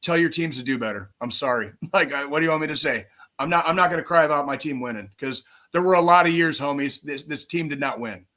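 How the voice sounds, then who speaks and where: A man in his forties, a podcast co-host, talking football in casual chat, profane and animated, on a call mic. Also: a little high, fast talker, few pauses. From United States. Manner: profane, animated sports ranting.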